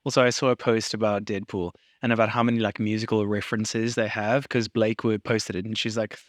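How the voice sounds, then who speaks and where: A young man co-hosting a casual podcast, talking excitably and swearing freely. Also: lowish voice, dry recording, clean studio sound. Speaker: podcast co-host.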